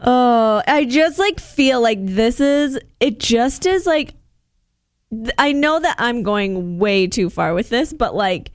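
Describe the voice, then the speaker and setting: Young woman podcast co-host: high, bouncy voice, animated and laughing, dry close mic. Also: slow pace, no room sound. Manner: animated, laughing often, emphatic exclamations. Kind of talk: casual chat recapping a reality show.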